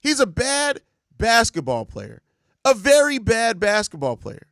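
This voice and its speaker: A man's voice: extremely high pitch, huge pitch swings, unhurried, fairly bright tone, no echo, clean studio sound. A young man hosting a sports show, ranting in exasperated, profane casual commentary and repeating himself. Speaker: sports podcast host.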